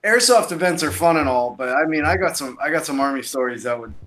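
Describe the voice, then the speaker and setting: A man's voice: on the high side, animated, fast, fairly bright tone, rough recording. A man who served in the army, joking and telling stories on a casual podcast. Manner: easygoing, joking storyteller. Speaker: army veteran podcast co-host.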